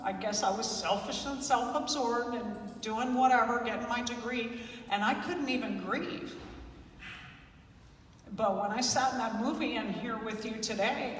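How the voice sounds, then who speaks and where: A woman's voice: fairly high pitch, a little slow, a little hiss or hum. A woman therapist giving a heartfelt, emotional conference talk, laughing and weeping openly as she speaks. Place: large conference hall. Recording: echoey hall, voice from far off.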